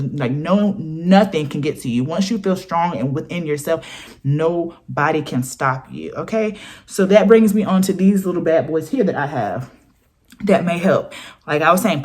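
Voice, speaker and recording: A young woman talks straight to her viewers in a casual vlog. Her delivery is earnest and emphatic, and she keeps slipping into the voices of imagined people to make her point. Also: low-pitched. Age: 20s. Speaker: vlogger. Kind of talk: casual motivational talk to camera.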